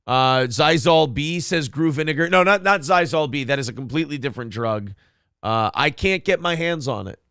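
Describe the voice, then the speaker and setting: A man's voice: a little high, animated, moderate pace, gravelly, a bit bright, clear, resonant tone, no room sound, studio quality. A man hosting a casual live-stream morning show, rambling jokily and reading viewer comments aloud. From Minnesota. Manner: rambling, jokey, reads chat comments aloud. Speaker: show host.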